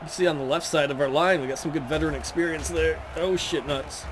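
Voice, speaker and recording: A man playing a football video game and joking crudely and excitably as he comments on the action. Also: a little high, quick pace, background noise. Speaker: Let's Play gamer. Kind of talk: casual gameplay commentary.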